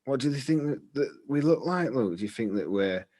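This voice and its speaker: A man rambles happily through casual podcast chat. He drifts between thoughts and pokes fun at himself, in an everyday middle-pitched voice. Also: animated, fairly quick, darkish tone. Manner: rambling, chatty, self-deprecating. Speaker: podcast co-host.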